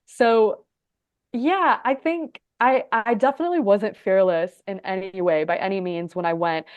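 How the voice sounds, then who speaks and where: A woman in her thirties from Egypt and Texas, telling her story as a podcast guest in a chatty way, full of "like" and quick laughs. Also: medium pitch, a little mellow, dry recording, lo-fi sound. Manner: chatty, lots of "like", laughs often. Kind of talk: casual storytelling interview.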